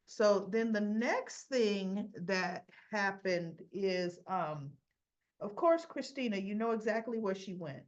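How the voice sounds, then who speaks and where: A woman's voice: medium pitch, animated, slow pace, muffled recording. A woman giving a chatty, sassy recap of a soap episode, acting out the characters' lines as she goes. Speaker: soap opera reviewer.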